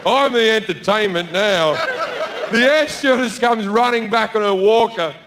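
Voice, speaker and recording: A man's voice: sits high, moderate pace, background noise. A man with an Australian accent doing stand-up, brash and profane, acting out all the characters in his story. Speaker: stand-up comedian.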